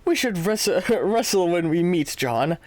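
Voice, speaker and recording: A man's voice: sits high, lively intonation, a little slow, darkish tone, no echo. A man doing a posh, jovial young British adventurer. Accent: put-on British. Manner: hearty, chummy, stumbling over lines while reading aloud. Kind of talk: reading comic dialogue aloud in a character voice.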